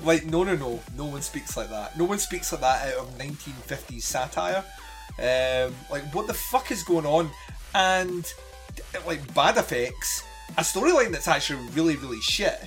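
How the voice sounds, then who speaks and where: A man's voice: fairly high pitch, lively intonation, moderate pace, a bit bright, faint music behind. A man co-hosting a podcast, chatting casually and animatedly about a film, swearing and laughing often. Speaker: podcast co-host. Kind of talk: casual movie review chat.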